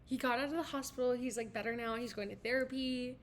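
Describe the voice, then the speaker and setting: A woman's voice: fairly high pitch, steady tone, fast, crowd noise. A woman in her twenties co-hosting a podcast, chatty and gossipy, leaning on "like". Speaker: podcast co-host. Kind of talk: casual chat. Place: home.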